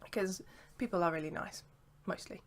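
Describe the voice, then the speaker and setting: A woman's voice: on the low side, moderate pace. Chatty young woman vlogging. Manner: chatty and rambling, lots of "sort of" and "like". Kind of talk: casual chat.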